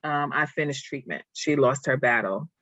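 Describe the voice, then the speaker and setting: A woman guest on a podcast, telling a personal story in an earnest, halting way that turns emotional. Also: a bass voice, a bit bright, no room sound. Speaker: guest, nonprofit founder.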